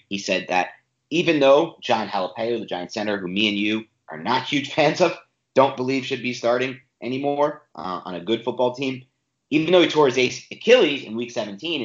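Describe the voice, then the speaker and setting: A man's voice: lowish voice, echoey room. A man co-hosting a sports podcast, ranting emphatically and with frustration in casual talk. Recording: dull lo-fi audio.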